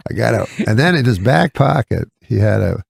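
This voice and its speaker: A male comedian telling a rambling anecdote in a deadpan, halting way, chuckling and restarting as he goes. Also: mid-range voice, creaky, breathy edge, no echo. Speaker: comedian guest.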